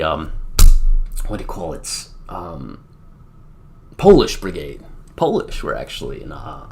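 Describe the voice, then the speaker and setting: Streaming a wargame, this American man from the United States keeps up chatty, rambling commentary packed with fillers. He has a deep, slightly bright voice, and there's a little background noise.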